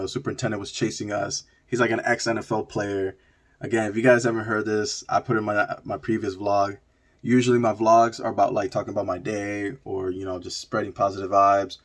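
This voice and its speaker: Ny guy vlogging a story, husky voice, says like a lot, animated. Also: fairly low pitch. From New York. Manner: animated, many "like" fillers. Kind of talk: storytelling vlog.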